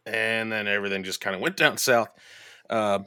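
A man hosting a podcast, telling a story in casual chat, profane and animated, jumping into high voices to mimic people. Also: normal speed, clear, resonant tone, no echo, clean studio sound. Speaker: podcast host.

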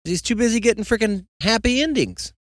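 A man hosting a solo podcast, ranting sarcastically about football, with loud outbursts and muttered asides. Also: high voice, expressive, fairly quick, no echo. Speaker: podcast host. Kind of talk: solo comedic sports rant.

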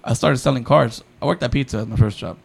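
A man's voice: mid-range voice, quick pace, gravelly, slight background noise. A young man hosting a podcast, telling a story in casual slang with plenty of swearing and acting out the voices. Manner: slangy, swears a lot, acts out the voices in his stories. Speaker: podcast host.

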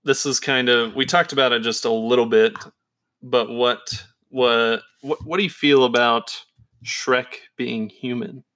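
Woman cohost w a really low deep voice, laid back, agrees a lot, casual chat. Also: steady tone, a little slow, fairly bright tone. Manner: easygoing, agreeable, short backchannels. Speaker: podcast co-host.

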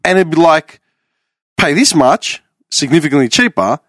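A man's voice: on the high side, sing-song, normal speed, a bit bright, no room sound, clean studio sound. A man, joking and swearing in casual podcast banter.

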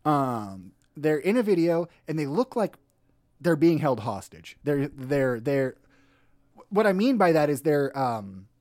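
A man's voice: fairly high pitch, very animated, unhurried, darkish tone, dry recording, studio quality. A man co-hosting a podcast, joking around and telling rambling stories in a laid-back way. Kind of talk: casual storytelling chat.

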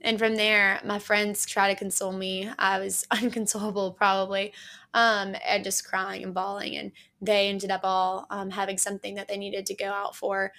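A young woman shares a personal testimony as a podcast guest, earnest and halting with many fillers and restarts. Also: mid-range voice, completely flat delivery, pushed and bright. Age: young adult.

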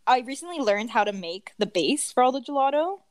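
A woman's voice: high voice, sing-song, fairly quick, dry recording. A young woman co-hosting a podcast, chatting casually and acting out customers in quoted voices, with lots of "like" fillers. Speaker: podcast co-host. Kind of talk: casual chat.

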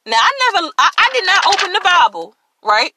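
A woman's voice: very high-pitched, big pitch swings, brisk, heavy background noise. A woman hosting a podcast, giving an emphatic, preachy motivational faith talk and addressing listeners directly. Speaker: podcast host.

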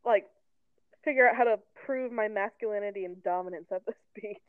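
A woman's voice: brisk, no room sound. A woman co-hosting a podcast, recapping a reality show in casual chat. She acts out the quotes with lots of "like". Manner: animated, acts out quotes with a raised pitch, fillers like "like". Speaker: podcast co-host. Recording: tinny phone-line sound, dry.

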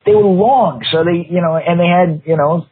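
A man in his fifties tells a rambling story in casual podcast chat, full of fillers and easy laughter. His voice is slightly higher than most men's and a bit husky. The audio is thin and narrow, like a phone line. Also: normal speed. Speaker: podcast co-host.

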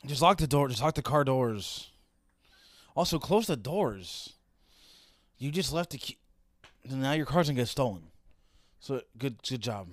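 A man's voice: mid-range voice, expressive, a little slow, long pauses, dry recording, studio quality. A young man giving casual reaction commentary, swearing and wisecracking as he rants. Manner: profane, wisecracking, ranting. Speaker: reaction video host.

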